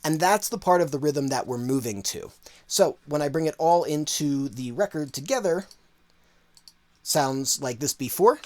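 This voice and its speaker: A man teaching audio mixing in a relaxed, conversational way, full of casual fillers. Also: fairly high pitch, normal speed. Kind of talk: casual tutorial walkthrough.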